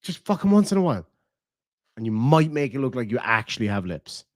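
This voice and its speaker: Irish male streamer, crude and mocking, very lively pitch, dry close sound. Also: fairly quick, no room sound. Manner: mocking, profane, laughing. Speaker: commentary streamer. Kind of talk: casual reaction commentary.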